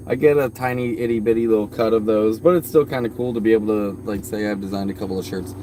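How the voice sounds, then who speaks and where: A man's voice: on the low side, steady tone, quick pace, mellow, slight background noise. A man chatting loosely on a casual outdoor live stream, rambling and swearing freely. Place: outdoors by his truck at a park.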